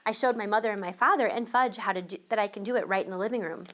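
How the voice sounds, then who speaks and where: A woman teacher reading a children's picture book aloud to young listeners, expressive and switching voices for the child and the mother. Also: medium pitch, racing. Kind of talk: children's storybook read-aloud.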